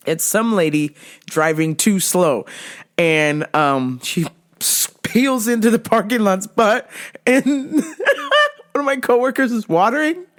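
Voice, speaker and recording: A woman in her thirties hosting a podcast, telling a story in a casual, animated way, laughing often and swearing freely. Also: on the high side, takes it slowly. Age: 30s. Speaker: podcast host.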